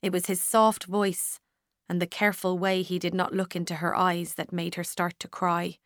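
A woman narrating a storybook in a measured, even manner, close to the mic. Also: fairly low pitch, no room sound. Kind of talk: scripted audiobook narration.

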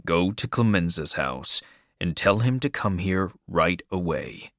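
A man plays a composed male adviser holding himself together. He speaks low, calm and firm, in slow and clipped instructions. The sound is close and dry. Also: no room sound, heavily acted. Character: calm, controlled male family adviser under strain.

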